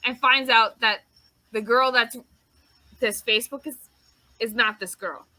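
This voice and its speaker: A woman's voice: on the high side, a little slow, no echo, low-quality recording. A woman co-hosting a casual podcast, retelling a story with lots of swearing and acted-out quotes. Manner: animated storyteller, swears freely, acts out quotes. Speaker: podcast host.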